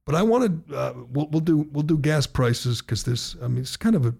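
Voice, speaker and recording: A middle-aged American man hosting a political talk radio show, sarcastic and given to loud rhetorical questions, speaking in a studio. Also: fairly high pitch, big pitch swings, fairly quick, creaky, breathy edge.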